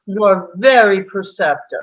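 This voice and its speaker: A man's voice: high voice, takes it slowly, a bit bright, low-quality recording. An actor at a table read, playing a cold male terrorist leader in a dry, sardonic manner. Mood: mocking.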